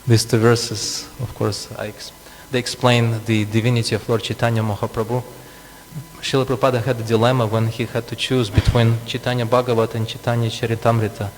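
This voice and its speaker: A man's voice: mid-range voice, level tone, fairly quick. A man preaching a scripture class, explaining with asides and frequent chuckles. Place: temple hall. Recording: long reverb, faint hum.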